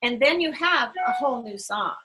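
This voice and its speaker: A woman's voice: fairly high pitch, animated, moderate pace, noisy background. A woman panelist on a video call webinar sharing songwriting tips in a chatty, rambling way, often restarting her sentences. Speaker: solo artist, panelist. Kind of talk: webinar talk.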